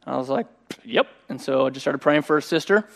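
A middle-aged man preaching a sermon, telling a personal story in a conversational, animated way. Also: mid-range voice, fast talker, gravelly. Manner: conversational and animated, voicing quoted speech. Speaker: pastor.

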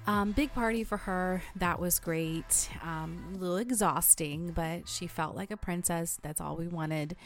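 A woman's voice: fairly low pitch, a little slow, hardly any pauses, soft background music. A woman in her thirties hosting a faith podcast, chatty and encouraging, a little stuffy from allergies. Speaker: podcast host.

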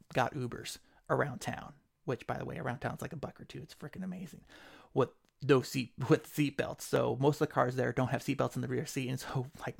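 Podcast host, man, heavy vocal fry, chatty animated storyteller. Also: medium pitch. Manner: animated retelling with quoted voices. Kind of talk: casual storytelling.

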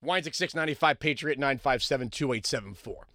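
A man hosting a talk radio show, delivering a sarcastic, mocking monologue that swings between loud outbursts and low mutters. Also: fast, dry recording, clean studio sound.

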